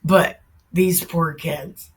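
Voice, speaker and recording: A woman vlogger rants about scripture in a fairly low, unhurried voice. She swears freely and keeps flaring into loud shouted bursts before settling again. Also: steady tone, slight background noise. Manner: heated, profane, bursts into shouting. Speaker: Bible commentary vlogger. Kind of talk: ranting reaction commentary.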